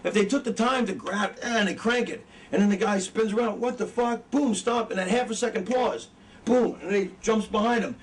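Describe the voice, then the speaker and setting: A man's voice: high-pitched, brisk. A middle-aged man and wrestling trainer teaching in a casual, profane, rambling way, often losing his train of thought. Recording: distant mic, faint background noise.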